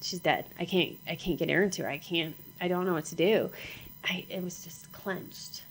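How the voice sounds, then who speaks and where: Woman, middle-aged, low gravelly voice, personal storytelling, halting and repetitive, acts out dialogue. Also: a little hiss or hum, rough recording. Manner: halting, repeats herself, acts out what was said. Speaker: mother sharing her story.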